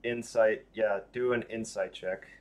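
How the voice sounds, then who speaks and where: A man's voice: lowish voice, steady tone. Man running a tabletop game. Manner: loose, halting narration with many fillers. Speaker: dungeon master.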